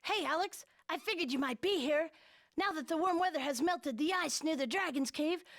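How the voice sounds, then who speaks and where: An eager young man pushing his friend toward an adventure in a game scene, read by a woman. The reading stumbles and restarts, in a high-pitched voice. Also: normal speed, fairly bright tone. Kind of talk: reading game dialogue aloud on stream.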